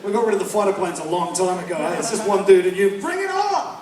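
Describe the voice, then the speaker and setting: A man's voice: high voice, fairly even intonation, fast. Kiwi-guy doing stand-up, brash and sweary, crowd laughing in a roomy club. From North America. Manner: brash, swearing, mocking impressions. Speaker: stand-up comedian. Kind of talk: stand-up comedy set. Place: live comedy venue with audience. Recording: echoey live room, crowd noise, distant mic.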